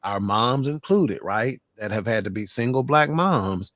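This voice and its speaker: A man's voice: on the low side, expressive, a little slow, a bit bright, no echo. A man hosting a casual panel discussion on a live stream, moderating with jokey asides. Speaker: host.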